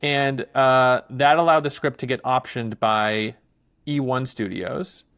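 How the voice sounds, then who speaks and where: Male guest, mid-pitched, chatty and animated, dry close recording. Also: slow, clear, resonant tone, dry recording. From not from England. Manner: animated storyteller, many fillers. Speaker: filmmaker guest. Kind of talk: casual interview talk.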